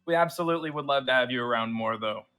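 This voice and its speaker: A man's voice: mid-range voice, quick pace, bright, forceful tone, faint music behind. A man voicing a jovial, boisterous army general in a tabletop game, hearty and effusive.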